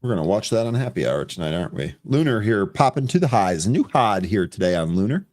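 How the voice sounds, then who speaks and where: A man co-hosting a live trading stream, calling out tickers and chatting in a relaxed, upbeat way. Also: fairly low pitch, no room sound, clean studio sound. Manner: upbeat, quick calls of tickers, laughs easily. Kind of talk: casual market commentary.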